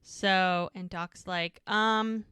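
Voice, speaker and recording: A woman's voice: fairly low pitch, steady tone, very slow, bright, forceful tone, clean tone, no room sound. A woman co-hosting a podcast, retelling scenes in a casual chat and acting out the characters' lines. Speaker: podcast co-host recapping episodes.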